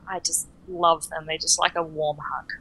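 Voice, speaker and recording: A woman's voice: low voice, flat delivery, moderate pace, fairly bright tone, slightly rough, poor audio. A woman, a podcast guest, chatting with wry, dry humor and short answers. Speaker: guest film critic. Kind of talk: casual interview chat.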